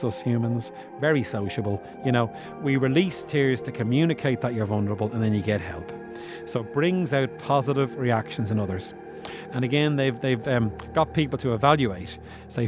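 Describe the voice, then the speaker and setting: A man's voice: medium pitch, moderate pace, over music. A man hosting a podcast, explaining science in a casual, musing way with self-deprecating asides. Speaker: podcast host.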